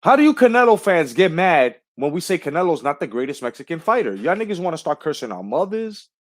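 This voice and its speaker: A man's voice: fairly high pitch, big pitch swings, fast, no echo. A man hosting a casual boxing livestream, talking in a heated, profane way and often repeating himself. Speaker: livestream host.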